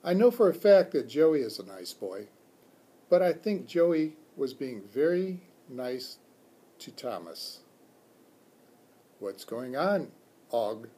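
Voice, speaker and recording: A man reads a children's chapter book aloud at an unhurried pace, his pitch rising and falling with lively expression. His voice is somewhat husky, with a higher-than-average pitch for a man. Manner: expressive, does character voices. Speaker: school read-aloud reader.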